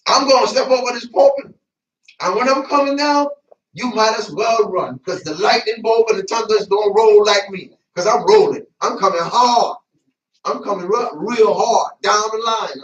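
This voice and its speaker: A man preaching a sermon in a church, lively and colloquial, laughing and breaking into asides. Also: sits high, muffled recording. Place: church sanctuary. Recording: echoey church, mic at a distance.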